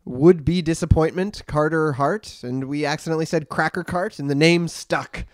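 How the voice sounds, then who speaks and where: A man's voice: a little high, moderate pace, no room sound. A man from Canada co-hosting a comedic sports podcast, joking and riffing with puns. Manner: jokey, punning, riffing. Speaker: podcast co-host.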